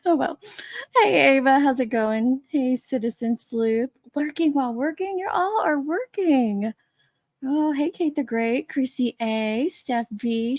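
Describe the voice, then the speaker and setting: Set high but darkish in tone, this woman's voice is animated though a little slow, recorded clean in the studio with no room sound. As a livestream host in her basement man cave, she keeps up casual chatter, laughs plenty and greets viewers by name.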